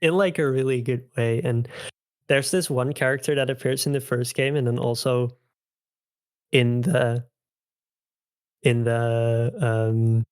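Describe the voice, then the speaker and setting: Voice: mid-range voice, fairly even intonation, a little slow, long pauses, smooth, no echo, clean studio sound. A podcast guest chatting casually about favorite games, rambling with lots of fillers and enthusiasm. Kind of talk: casual chat.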